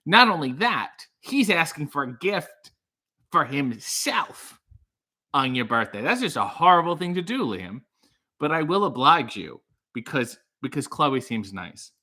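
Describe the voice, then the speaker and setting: A man hosting a comic livestream, rambling in a mock-serious deadpan way and swearing. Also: on the high side, a little slow, breathy edge. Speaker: host. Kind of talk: comedic livestream monologue.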